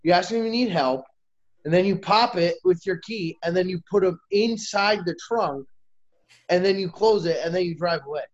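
A young man in casual podcast chat, making blunt, deadpan tough-guy jokes. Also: high voice, normal speed, highs cut off. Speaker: podcast guest.

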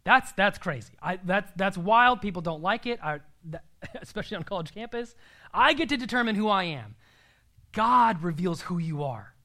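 A man's voice: high voice, animated, moderate pace, sharp tone. A young man preaching a sermon in an earnest, emphatic way, sometimes dropping to a near-whisper.

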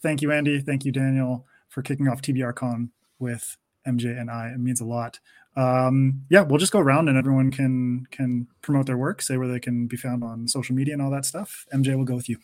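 A man's voice: mid-range voice, steady tone, a little fast, a little mellow. Chill guy hosting a podcast, cusses a lot, mid voice, on a call. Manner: laid-back, jokey, swears freely. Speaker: podcast co-host. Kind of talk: casual podcast chat.

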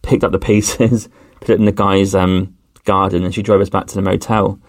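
A man's voice: low-pitched, little pitch movement, moderate pace, no echo, clean studio sound. A man telling a casual travel story as a podcast host, rambling with many fillers.

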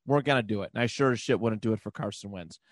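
A man's voice: on the low side, rapid-fire, no echo. A man co-hosting a podcast, rambling loosely through casual sports chat, laughing often and swearing now and then. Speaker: podcast co-host.

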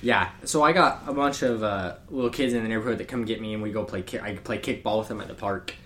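A man's voice: fairly low pitch, fast, a bit bright, a little hiss or hum. Laid-back young man in casual chat. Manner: laid-back, slangy, laughs often. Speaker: podcast co-host.

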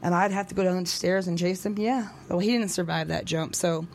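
A woman's voice: lowish voice, brisk, few pauses, a little mellow, a little hiss or hum. A woman in her thirties talking casually to her viewers on a vlog, rambling and hesitant, with lots of fillers and restarts. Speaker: vlogger.

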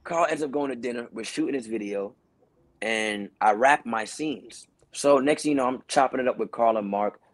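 A man with a New York accent, a podcast guest and actor, telling a story casually and acting out the dialogue with lively, shifting voices. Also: mid-range voice, moderate pace. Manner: animated, acts out quoted dialogue in shifting voices.

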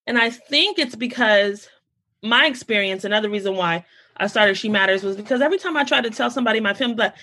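A young adult American woman hosting a podcast, talking casually and telling stories in an animated way. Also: on the high side, fast. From United States. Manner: animated storytelling, quotes relatives in lively voices. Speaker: podcast host. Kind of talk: casual conversation.

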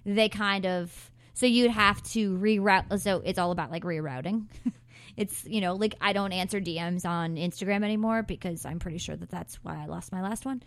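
A woman's voice: medium pitch, normal speed, no room sound. A woman chatting as a podcast guest, bubbly and gushing, with frequent ums and likes. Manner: bubbly, gushing, lots of fillers. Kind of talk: casual podcast chat.

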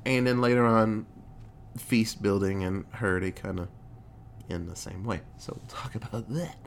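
A man giving a casual, profane movie recap, excitable and acting out the quotes. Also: on the low side, a little slow, creaky, a little hiss or hum.

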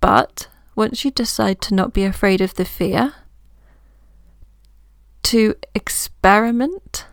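A woman coach speaks slowly and gently on her solo podcast, reassuring the listener as she thinks aloud. Her voice has a low gravelly fry at the edges. The sound is close and dry, with no room echo. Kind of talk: reflective solo podcast talk.

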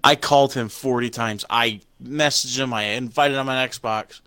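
A man's voice: mid-range voice, moderate pace, heavy background noise. A young man casually chatting, telling stories animatedly and swearing a lot. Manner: profane storytelling, laughing and animated. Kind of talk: casual chat.

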